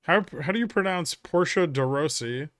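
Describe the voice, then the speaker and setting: A man with a slightly higher voice hosts a casual livestream, reacting to viewers' comments with dry, teasing banter. His voice sounds close and dry, with almost no room around it. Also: animated, moderate pace, fairly bright tone, no room sound. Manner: dry, wry banter answering chat. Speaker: livestream trading host. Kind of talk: casual live-stream chat.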